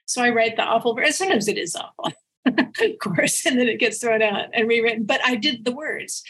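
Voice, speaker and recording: Guest spot: woman writer, slightly high and husky, lively anecdotal delivery with frequent laughs. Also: fairly quick, poor audio. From United States. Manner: animated, laughs often mid-sentence. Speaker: author guest. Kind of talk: casual interview storytelling.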